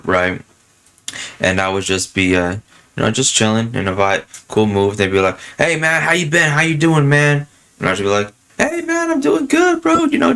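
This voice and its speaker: A man casually chatting and telling stories, laughing often and filling pauses with um and you know. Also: low voice, a bit bright. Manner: drops fillers like um and you know. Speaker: podcast host. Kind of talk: casual chat.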